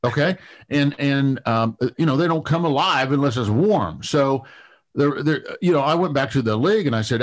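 A middle-aged man telling a lively story in an interview, full of fillers, repeated words and restarts. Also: mid-range voice, moderate pace. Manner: animated anecdote-telling with many fillers and restarts. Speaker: TV producer guest.

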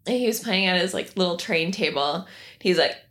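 A woman's voice: on the low side, moderate pace, a bit bright. A woman co-hosting a casual podcast, chatting and teasing with a giggly manner. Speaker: podcast co-host. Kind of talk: casual chat.

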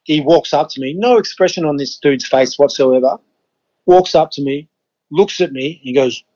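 In a muffled recording, a man in his fifties from Western Australia tells casual stories on a podcast at a moderate pace. His pitch is fairly high and his tone dark, and he's laid-back, acts out his reactions, and swears freely.

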